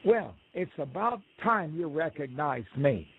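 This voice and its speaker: A man's voice: on the high side, very animated, a little slow, breathy edge, heavily acted. A man voicing a vain, boastful male buzzard in a folk tale, told over a phone line. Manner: bragging, then shrieking to be let out. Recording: tinny phone line on radio.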